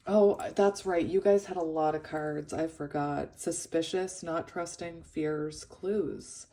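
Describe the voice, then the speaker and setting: A woman giving a pick-a-card tarot reading, emotional and hesitant, shaky and close to tears, with many pauses and ums. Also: deep voice, steady tone, dark tone. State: shaky and tearful. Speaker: tarot reader.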